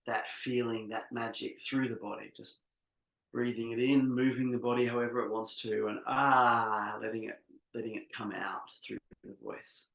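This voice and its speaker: A man facilitating an online workshop, leading a slow, soothing guided exercise with many pauses over a video call. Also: mid-range voice, fairly even intonation, gravelly, reverberant, rough recording.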